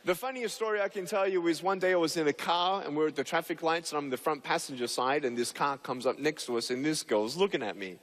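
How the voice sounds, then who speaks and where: Man, public speaker, humorous storytelling, acts out scenes, fairly high pitch. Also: quick pace, hardly any pauses, fairly bright tone, in a large hall. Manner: frequent fillers and restarts. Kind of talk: humorous speech to an audience.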